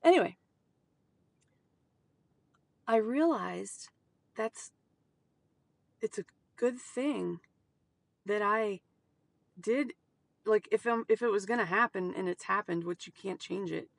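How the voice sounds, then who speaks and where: Woman, gravelly voice, emotional personal monologue, halting delivery, dry close sound. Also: mid-range voice, no room sound. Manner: emotional, halting, with sudden outbursts and soft whispered asides. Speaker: mother sharing personal experience.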